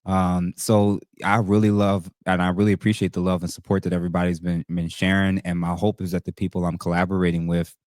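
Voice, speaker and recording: A man with a very low voice talks in a measured, reflective way. His voice is recorded close and dry. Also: flat delivery, darkish tone, dry recording. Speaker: therapist guest. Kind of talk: casual talk-show chat.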